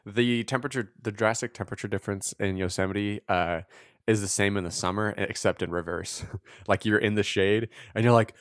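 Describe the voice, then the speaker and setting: A man co-hosting a podcast, chatting casually, laughing often and swearing in relaxed banter. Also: fairly low pitch, fairly quick, no room sound, clean studio sound. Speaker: podcast co-host. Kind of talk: casual chat.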